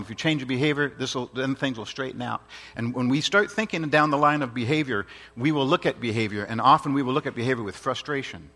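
A man's voice: mid-range voice, fairly bright tone, breathy edge. A man preaching a sermon in an earnest, emphatic way, repeating his points and asking rhetorical questions.

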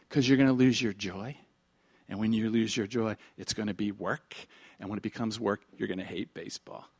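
A man's voice: on the low side, fairly even intonation, brisk, a little mellow, husky. A middle-aged man preaching a sermon as pastor, telling stories animatedly, acting out dialogue and dropping at times into whispers.

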